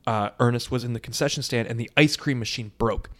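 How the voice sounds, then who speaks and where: A man co-hosting a casual chat, retelling a film in a profane, animated way. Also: medium pitch, a little fast. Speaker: podcast co-host.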